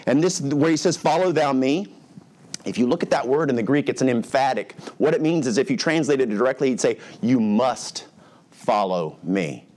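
Middle-aged male pastor, mid-pitched voice, casual verse-by-verse sermon delivery. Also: brisk, a little mellow. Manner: conversational, acts out characters' lines. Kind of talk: expository sermon.

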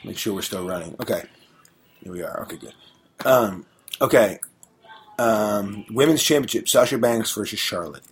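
A middle-aged woman with a remarkably deep voice runs a relaxed podcast panel. She keeps things moving by calling on each guest for their opinion. A faint hiss sits under her. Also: normal speed, pauses often. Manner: leads the panel, prompting each guest for picks. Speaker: podcast host. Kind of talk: casual chat.

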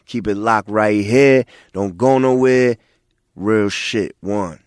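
A man from Queens, giving a laid-back, slangy recorded shout-out for a show. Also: on the low side, slow pace, clear, resonant tone, no room sound, studio quality. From Queens, New York. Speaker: guest shout-out drop. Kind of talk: recorded show promo drop.

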